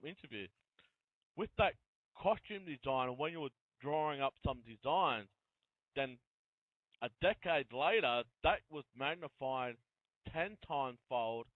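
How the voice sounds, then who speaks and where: A man's voice: mid-range voice, no echo. A man from Australia, hosting an interview and earnestly talking through his points. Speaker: host. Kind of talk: casual interview. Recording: tinny phone line.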